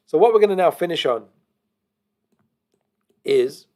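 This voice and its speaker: A man teaching trading chart analysis, explaining slowly and methodically to viewers. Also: on the high side, animated, a little mellow. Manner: deliberately slow, methodical explaining. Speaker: trading educator. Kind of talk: screen-share chart analysis.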